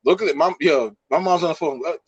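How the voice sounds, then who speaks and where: Animated young man telling a story. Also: on the high side, fast, muffled recording, a little hiss or hum. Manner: animated, profane, many fillers. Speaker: podcast co-host. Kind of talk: casual storytelling.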